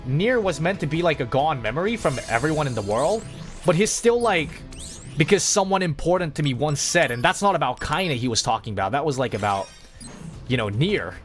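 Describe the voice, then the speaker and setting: Excitable, profane streamer man, slightly high. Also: a little fast, faint music behind. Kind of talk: casual gaming livestream chat.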